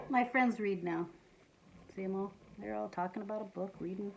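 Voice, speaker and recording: A woman reading a children's picture book aloud, playful and animated, with asides to young listeners. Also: mid-range voice, normal speed, gravelly, a little hiss or hum, rough recording. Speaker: storytime reader.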